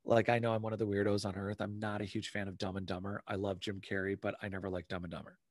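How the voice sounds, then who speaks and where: A man talking in a rambling, animated casual chat and swearing now and then. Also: on the low side, fast, no echo, clean studio sound.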